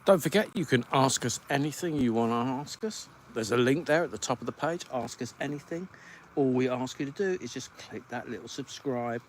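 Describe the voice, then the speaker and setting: A man's voice: medium pitch, fairly quick, slight background noise. A man from the UK hosting a podcast live stream, chatting casually and rambling as he reads out viewer comments. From United Kingdom. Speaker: podcast host.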